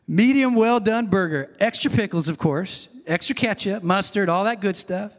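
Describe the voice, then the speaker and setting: A man's voice: high voice, animated, fairly quick, few pauses, in a large hall. A man preaching a sermon as pastor, earnest and conversational, repeating himself and adding asides.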